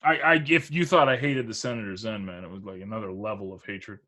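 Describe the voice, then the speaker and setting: A man from Canada co-hosting a casual sports chat show, animated and often restarting his sentences. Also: on the low side, fast. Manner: animated, trails off, restarts a lot. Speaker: co-host.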